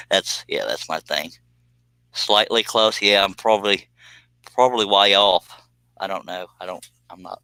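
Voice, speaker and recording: A man's voice: deep voice, measured pace, bright, forceful tone, dry recording, poor audio. A man, casually chatting and joking with viewers on a live stream while doing scroll saw work in his workshop.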